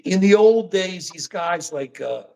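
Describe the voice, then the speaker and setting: A man co-hosting a political livestream in casual chat, talking in an animated, rambling way and often handing the floor back. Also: sits high, measured pace, vocal fry. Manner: animated, rambling, keeps apologizing and handing over.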